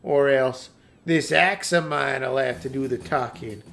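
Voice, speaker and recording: A man's voice: mid-range voice, a little slow, gravelly, a bit bright. A man voicing a cocky axe-wielding soldier in a game playthrough, threatening in tone. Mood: menacing.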